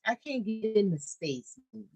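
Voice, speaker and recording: A woman's voice: medium pitch, normal speed, breathy edge, no room sound, soft background music. A woman co-hosting a live stream, chatting casually and chiming in with short agreements. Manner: relaxed, chimes in with short agreements. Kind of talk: casual chat.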